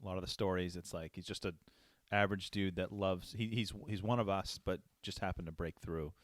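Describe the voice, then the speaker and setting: A man co-hosting a podcast, commenting in a low-key, matter-of-fact way. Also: steady tone, brisk, no room sound, clean studio sound. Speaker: podcast co-host. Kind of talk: casual podcast chat.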